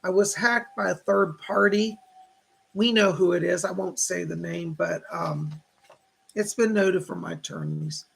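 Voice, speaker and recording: A man's voice: high voice, sing-song, unhurried, creaky, breathy edge. A man hosting a casual livestream as a psychic, chatting to viewers and greeting names from the chat.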